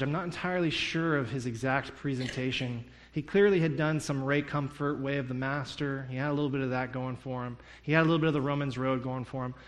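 A man preaching a sermon, telling a story and acting out the dialogue in it. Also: mid-range voice. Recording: long hall reverb.

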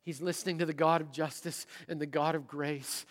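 A middle-aged man preaching in a church, his slightly high voice rising to loud emphasis and dropping to a near-whisper. The sound carries a long hall reverb. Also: flat delivery, a little fast, hardly any pauses. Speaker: pastor. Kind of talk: sermon. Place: church sanctuary.

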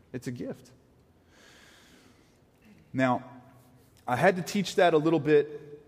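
A middle-aged man preaching a sermon in a conversational, animated way, acting out short quotes as he teaches. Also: medium pitch, in a large hall. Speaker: pastor.

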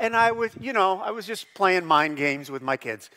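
A middle-aged man preaches with a high, bright, forceful voice. He is animated and jumps louder and higher on the words he stresses. His voice rings out with a long reverb, as in a large church sanctuary. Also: moderate pace, hardly any pauses. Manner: animated, bursts loud and high on emphasized phrases. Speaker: pastor. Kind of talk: sermon.

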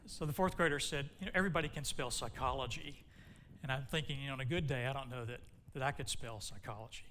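A man's voice: medium pitch, quick pace, sharp tone, a little hiss or hum. A man preaching a sermon, telling a long joke in a folksy way and then reading scripture aloud. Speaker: pastor.

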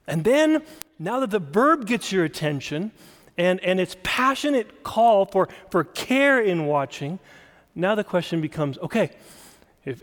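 A man's voice: high voice, long reverb tail. A man preaching a sermon as pastor, explaining a text and stressing single words with emphasis.

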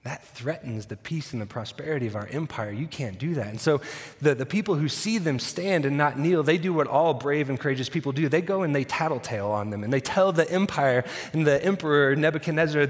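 Preacher in a long-reverb hall. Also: male voice, a little high, fairly quick. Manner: storytelling, acts out quotes with dry humor. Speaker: pastor. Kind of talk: sermon.

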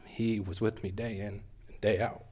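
A young man giving an earnest, emotional testimony at church, halting and restarting as he speaks. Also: fairly low pitch, little pitch movement, a little mellow, a little hiss or hum.

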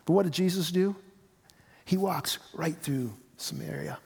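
A man's voice: a little high, a little slow, vocal fry, darkish tone, slightly rough. A middle-aged man, a pastor, preaching a sermon in a conversational way, often repeating his words. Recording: long hall reverb.

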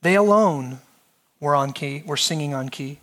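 A man lecturing on a short story, reading long passages aloud with expressive, dramatic emphasis. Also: fairly high pitch, normal speed.

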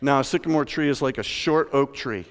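A man pastor preaching a sermon in a church, telling the story with lively rhetorical questions. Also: medium pitch, brisk, big-room sound.

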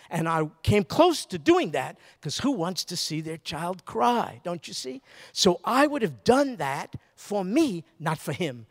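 A man's voice: sits high, very animated, measured pace. An older man preaching a sermon in a conversational way, telling stories and asking rhetorical questions. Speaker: pastor. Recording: hall with long reverb.

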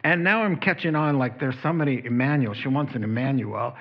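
Male pastor, sermon, chatty and lively delivery, mid-pitched voice, slightly dull lo-fi sound. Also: fairly quick. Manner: conversational, animated, acts out quoted voices.

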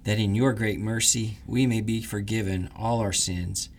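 A man leading morning prayers, reading the liturgy in a measured, reverent way. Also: lowish voice, steady tone. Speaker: prayer leader.

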